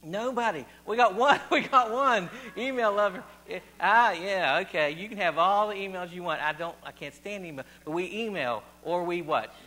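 Preaching informally, this man from Virginia, also noted as West Virginia, chats with the congregation, repeats phrases, and keeps firing questions at them. His high voice is bright and forceful, at a moderate pace with few pauses.

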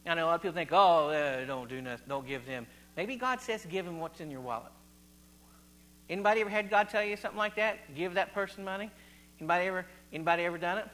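High, bright-voiced preacher man. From West Virginia. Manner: chatty, quizzes the audience, repeats phrases. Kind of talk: informal sermon to a congregation.

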